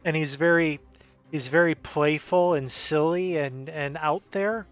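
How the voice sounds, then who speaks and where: A man's voice: on the high side, a little slow, clear, resonant tone. A man co-hosting a live stream, chatting casually and telling a rambling story with many restarts and asides. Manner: rambling, self-interrupting storyteller. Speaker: stream co-host. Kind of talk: casual chat. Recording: dull lo-fi stream audio with music.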